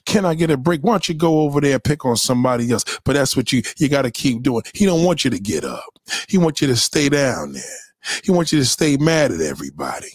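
A man's voice: mid-range voice, sing-song, fast talker, slightly rough, no room sound, clean studio sound. A man ranting on a livestream in a heated, preachy way, swearing constantly and repeating his points. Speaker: livestream host. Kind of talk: profane motivational rant. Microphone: home webcam mic.

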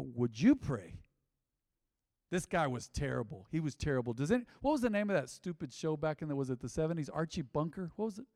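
A man in his fifties preaches a conversational sermon in a church sanctuary, using call-and-response and asking the congregation to repeat phrases back to him. His voice is a little high, and the studio-quality audio has no room sound yet carries a long reverb tail.

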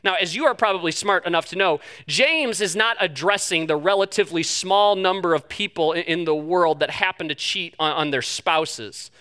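A man preaching a sermon as pastor, telling a story in an animated, self-deprecating way before moving into scripture. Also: high-pitched, normal speed, hardly any pauses, clear, resonant tone.

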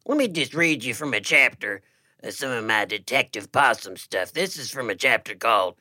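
A man in a comedy podcast playing a pompous author, boasting about his writing in a deadpan, self-satisfied way. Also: mid-range voice, moderate pace, no room sound, clean studio sound. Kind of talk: comedic improv reading.

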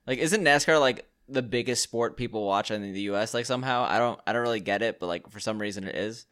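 A man co-hosting a podcast, joking and quick to laugh in casual banter over a call. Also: lowish voice, fairly bright tone. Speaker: podcast co-host. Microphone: remote call.

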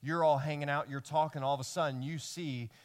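A man preaching a sermon to his congregation as pastor, telling the stories in a lively way that swings from loud emphasis to hushed lines. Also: a little high, brisk. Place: church service before a congregation.

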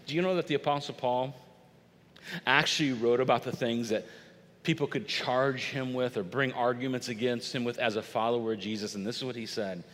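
A middle-aged man preaching a sermon in a lively, conversational way, acting out little bits of dialogue. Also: medium pitch. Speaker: pastor. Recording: long reverb of a large hall.

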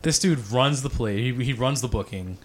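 A man's voice: medium pitch, moderate pace, a loud crowd. A man telling a rambling, profanity-heavy story in casual podcast chat, apologizing for ranting.

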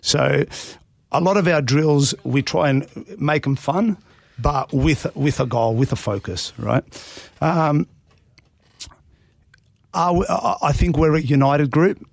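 An Australian man, a junior football coach, talks in a gravelly voice on a dry, close recording. He explains his approach earnestly with examples from matches, in an easygoing interview. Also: fairly high pitch, slow pace, dry recording. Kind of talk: casual radio interview.

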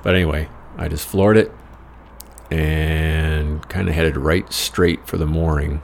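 A man's voice: rumbling low, fairly even intonation, measured pace, gravelly, a little hiss or hum. An American man telling a rambling travel story in a wry, profane, self-mocking way. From United States. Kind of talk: casual personal storytelling.

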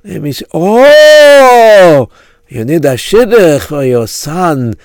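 A man's voice: high voice, very animated, slow, smooth, no echo, exaggerated voice. A man voicing a kindly old Hasidic rebbe and beadle with a Yiddish-inflected accent, soothing and fatherly. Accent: Yiddish-inflected English.

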